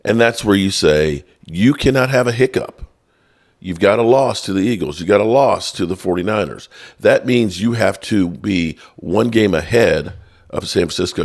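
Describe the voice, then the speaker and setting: A deep-voiced man hosts a sports podcast, offering casual, opinionated commentary. He's animated and chatty, speaking straight to his viewers.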